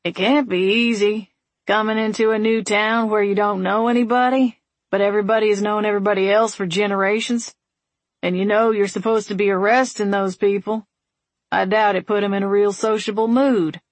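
A woman voicing a wry, patient man with a dry, steady, gently teasing manner. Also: medium pitch, a little fast, no room sound, natural voice.

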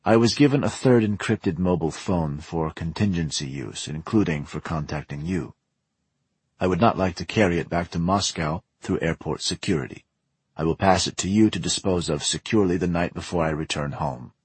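A man's voice: deep voice, moderate pace, a little mellow, slightly rough, dry recording. A man voicing a stern, menacing female Russian intelligence officer in an audiobook.

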